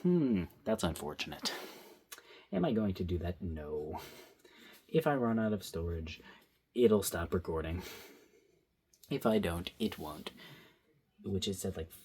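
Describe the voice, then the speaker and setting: A man's voice: deep voice, lively intonation, unhurried, long pauses, darkish tone, slight background noise. A young man chatting to himself while he draws, recorded on his phone, rambling and playful. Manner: rambling, self-talking, playful. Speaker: vlogger drawing. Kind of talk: casual drawing commentary.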